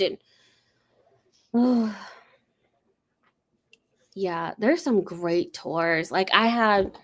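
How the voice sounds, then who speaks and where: A woman's voice: mid-range voice, lively intonation, drawn-out words, long pauses, a bit bright. A woman hosting a livestream, chatting casually and rambling through a story with lots of fillers. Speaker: host. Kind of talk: casual chat.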